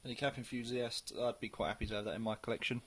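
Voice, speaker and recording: A man's voice: mid-range voice, steady tone, quick pace, breathy edge. A man talking casually through a beer review, rambling a little and full of ums. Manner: chatty and rambling, with many ums.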